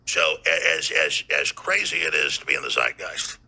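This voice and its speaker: Man, talk radio host, ranting monologue, fiery, sudden shouting, wildly swinging pitch, fry-heavy. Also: wildly swooping pitch, moderate pace.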